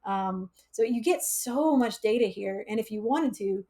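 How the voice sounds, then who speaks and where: A woman's voice: fairly high pitch, animated, unhurried, dark tone. Chatty woman live-coding on stream. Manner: chatty, laughs often, reads chat aloud. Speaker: livestream coding instructor. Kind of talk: casual live coding chat.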